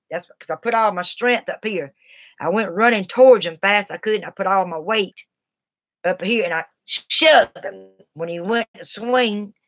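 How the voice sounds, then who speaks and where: A woman's voice: medium pitch, a bit bright. A woman casually telling a personal story in a blunt, tough, colloquial way. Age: adult, has a daughter. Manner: blunt and tough, Southern-sounding colloquial speech.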